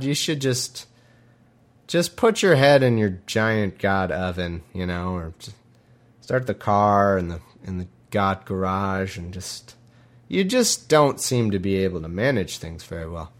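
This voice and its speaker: A man giving sarcastic, irreverent commentary between readings, often halting and restarting his sentences. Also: deep voice, expressive. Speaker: podcast host reading scripture.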